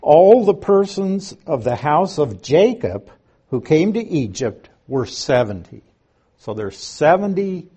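A man giving a Bible lesson in an unhurried, explanatory way, reading scripture aloud and stressing key words, with a few dry asides. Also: mid-range voice, mellow, breathy edge. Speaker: Bible teacher. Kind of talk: Bible teaching.

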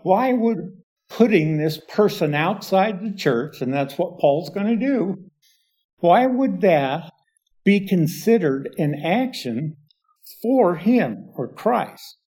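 Slow, deliberate male Bible teacher. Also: sits high, sing-song, dark tone. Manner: deliberate, explanatory, stresses key words.

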